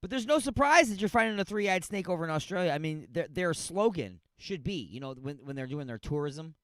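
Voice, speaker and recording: A man's voice: fairly high pitch, big pitch swings, normal speed, a bit bright, no echo. A man hosting a radio show, giving a sarcastic, rambling comic rundown of odd news stories. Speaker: radio host.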